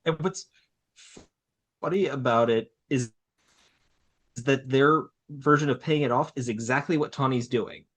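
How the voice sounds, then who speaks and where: A man's voice: mid-range voice, unhurried, long pauses, fairly bright tone, breathy edge. A man co-hosting a casual review podcast, explaining things in an easygoing way. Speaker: podcast co-host.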